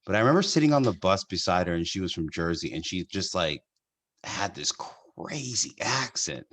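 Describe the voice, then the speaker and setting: Man, podcast host, very low voice, casual storytelling, laughs a lot. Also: lively intonation, normal speed, fairly bright tone. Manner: storytelling, laughs often, restarts sentences. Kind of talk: casual chat.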